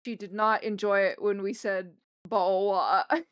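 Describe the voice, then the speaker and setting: Smooth-voiced woman chatting on a livestream. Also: mid-range voice, little pitch movement, moderate pace, fairly bright tone, no echo. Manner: chatty, rambling, talks to her pets. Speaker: streamer. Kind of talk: casual livestream chat while drawing. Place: home desk in a wheeled chair.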